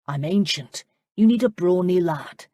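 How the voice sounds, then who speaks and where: Kind modest parson voiced by a woman, low and husky, dry close audiobook sound. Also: animated, unhurried, no echo. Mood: gentle. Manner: kind, restrained and gently self-mocking. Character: gentle, modest young male country parson. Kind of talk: audiobook character voice.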